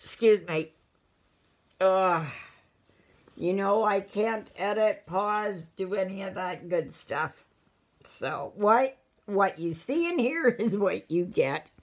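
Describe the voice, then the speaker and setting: A woman chatting casually to her viewers, a little out of breath, rambling with halting restarts. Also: medium pitch, expressive. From Canada. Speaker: stitching vlogger. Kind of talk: casual chat.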